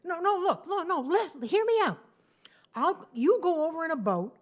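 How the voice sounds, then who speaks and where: A woman's voice: extremely high pitch, sing-song, moderate pace, voice pushed up. A woman storyteller voicing a male aviator who anxiously pleads with a friend, in a raised, urgent voice. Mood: urgent pleading.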